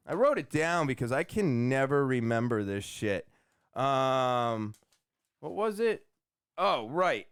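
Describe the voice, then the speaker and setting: A man's voice: a little high, smooth, no room sound, clean studio sound. A young man hosting a solo podcast, telling a casual story with jokes and filler words. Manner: rambling, joking, many fillers and asides. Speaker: podcast host.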